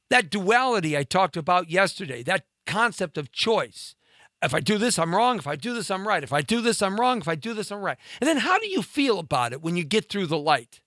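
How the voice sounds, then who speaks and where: Lively, ranting talk show host man. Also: high-pitched, dry recording, studio quality. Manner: indignant, rhetorical questions, repeats himself. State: congested throat, clearing it. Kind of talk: ranting monologue.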